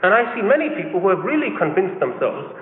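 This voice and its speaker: A middle-aged man preaching a sermon, animated and acting out excuses in a raised voice. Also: high-pitched, fast, a little hiss or hum. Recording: echoey hall over a tinny lo-fi line.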